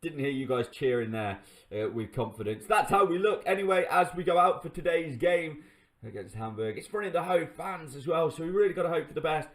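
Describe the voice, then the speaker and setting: A man hosting a gaming channel, commentating his own game live to viewers, swinging between excitement and exasperation. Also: a little high, a little fast.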